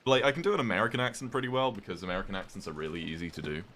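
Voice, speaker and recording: Young british guy streaming, rambly chat w viewers, lowish voice but bright, bit of rain in the background. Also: racing, slight background noise. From Britain. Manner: rambling, chatty, reads and thanks chat. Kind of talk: casual livestream chat while gaming.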